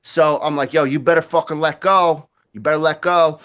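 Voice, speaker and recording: A guest storyteller with a slightly high, clear, resonant voice tells a rowdy story at a normal pace, swearing freely and acting out sound effects and other people's voices. His casual, profane delivery is loose and animated, full of restarts, though the recording is muffled.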